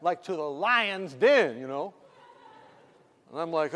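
A man's voice: a little high, takes it slowly, big-room sound. A man telling a story from his hospital work in a sermon, acting out the voices and dropping to whispers. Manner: animated, acts out voices, drops to whispers.

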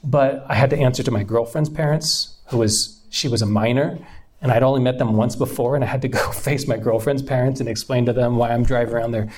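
A man telling his life story in a casual, heartfelt way. His voice sits at a middle pitch, and he rambles a little, circling back with fillers and restarts as he goes. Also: fairly even intonation, brisk, a little mellow, slight background noise. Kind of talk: personal testimony storytelling.

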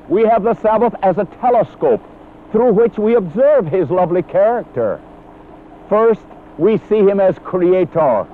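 A man delivers a sermon in an earnest, emphatic way, his voice pitched high and swinging widely in tone. The old recording sounds thin and phone-like, with a faint hiss underneath. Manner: earnest, emphatic, quotes scripture. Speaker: preacher.

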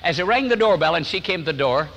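Older male pastor, lively bright voice. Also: on the high side, quick pace, big-room sound, muffled recording, slight background noise. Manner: warm storytelling, acts out quotes, chuckles often. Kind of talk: sermon. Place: church sanctuary.

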